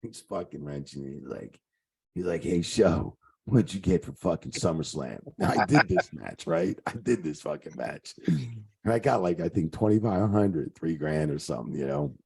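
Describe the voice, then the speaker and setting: Here the same retired wrestling referee, a middle-aged guest, speaks in a deep, expressive voice with a gravelly, dark tone and a breathy edge. He moves at normal speed through rambling, profane interview stories thick with fillers.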